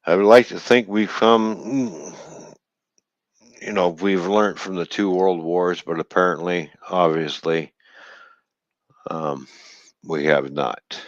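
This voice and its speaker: Stream host, deep male voice, bitter profane rant, dry and muffled recording. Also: steady tone, slow pace, long pauses, no echo. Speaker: livestream host. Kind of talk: angry livestream rant.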